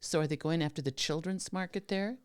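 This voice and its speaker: Woman, podcast co-host, casual chat, playful, smooth resonant voice. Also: sits low, fairly quick. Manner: playful, laughs often, goes off on whims.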